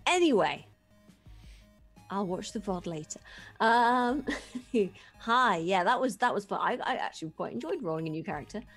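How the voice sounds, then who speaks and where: A woman player chatting casually and in a relaxed way about her new character. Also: medium pitch, moderate pace, faint music behind. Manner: relaxed, chatty, with light laughter. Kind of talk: casual chat.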